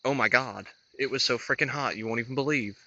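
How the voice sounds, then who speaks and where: Young man, slight lisp, bright edgy voice, halting ramble, outdoors walk, dull lo-fi camera audio, crickets behind. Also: mid-range voice, no room sound. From North Carolina. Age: 20s. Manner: halting, hesitant, thinking aloud with many pauses. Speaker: vlogger. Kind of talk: rambling walk-and-talk vlog.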